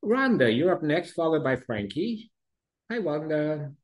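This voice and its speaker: A man chairing a recovery meeting over a video call, soft-spoken and gracious as he calls on each speaker. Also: on the high side, sing-song, a little slow.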